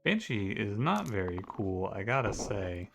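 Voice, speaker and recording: A man's voice: fairly low pitch, big pitch swings, a little slow, creaky, music in the background. A man casually commenting on his own game run, talking to the characters and breaking into exasperated outbursts at bad luck. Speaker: video game streamer.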